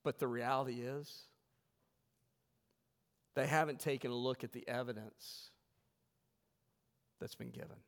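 A man preaching a sermon to his congregation, emphatic, swelling loud and then dropping low. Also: fairly even intonation, a little slow, long pauses, big-room sound. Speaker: pastor. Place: church sanctuary.

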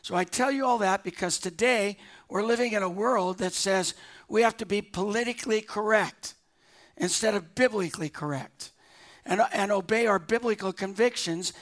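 A pastor telling a personal story during a conversational sermon, with easy restarts. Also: male voice, high voice, a bit bright.

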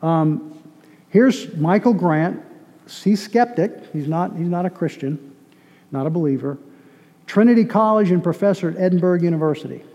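A man from Boston delivers a teaching sermon in a casual, conversational way, often repeating himself and tossing questions to his audience. His voice sits a bit high but has a dark, mellow tone. It rings with a long reverb, as if heard in a large church hall. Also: expressive, moderate pace, muffled recording.

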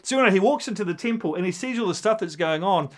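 A man preaching a sermon with a somewhat high voice. He tells it like a story, animated, and acts out the voices of the people in it. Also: quick pace. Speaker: pastor.

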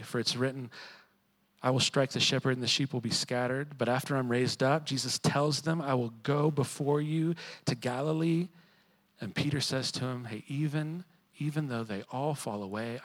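A man preaching a sermon in a conversational way, sometimes quiet and reflective, sometimes rising to emphatic. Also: mid-range voice, poor audio. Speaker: pastor.

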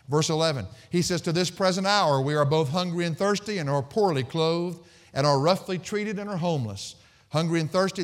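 A man's voice: on the high side, big-room sound. A man preaching a sermon as pastor, folksy and jokey, telling stories and reading scripture. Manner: folksy, jokey storytelling with laughs.

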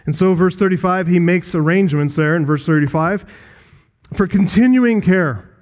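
A man's voice: sits high, moderate pace, darkish tone. A man pastor preaching an expository sermon, earnest, with rhetorical questions to the congregation.

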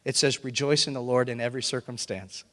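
A male pastor preaching a lively, animated sermon to his congregation. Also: medium pitch, quick pace. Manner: animated, breaks into excited shouting and laughter. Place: church sanctuary. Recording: long reverb of a hall.

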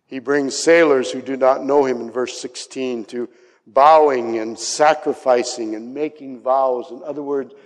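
A male pastor preaching a dramatic sermon, acting out the voices he quotes and dropping to soft asides. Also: mid-range voice. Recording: long hall reverb.

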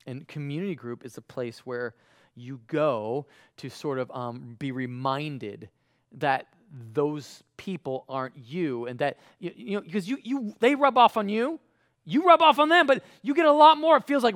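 A man in his thirties preaches a live sermon in a high, light voice. He talks casually with plenty of fillers and swings from hushed asides to sudden loud bursts. The sound is close and dry. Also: no room sound. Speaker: pastor.

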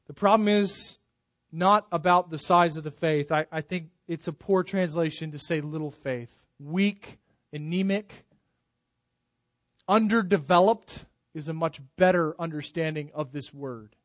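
A man's voice: on the high side, measured pace, no room sound. Man preaching with rising and falling force. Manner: emphatic preaching, swells loud then drops soft. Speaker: pastor. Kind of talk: sermon.

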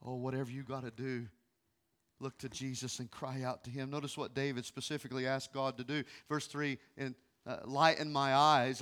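A man in his thirties, a pastor preaching a sermon, moving from quiet, hushed passages to loud, pleading ones. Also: high-pitched, normal speed. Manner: emotional, swings from hushed to loud.

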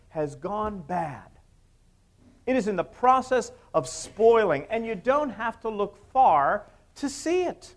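A man's voice: high voice, slow. A man preaching a sermon to his congregation, rising and dropping his voice for emphasis and putting questions to the listeners. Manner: expressive preaching, rises and drops for emphasis, asks the congregation questions. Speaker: pastor.

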